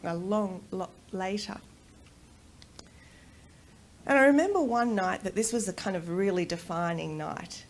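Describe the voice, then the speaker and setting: A middle-aged Australian woman giving a personal storytelling talk at a conference, animated and quick to laugh. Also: mid-range voice, slight background noise. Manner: animated, laughs often, acts out voices in quotes. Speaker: conference speaker. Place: conference room.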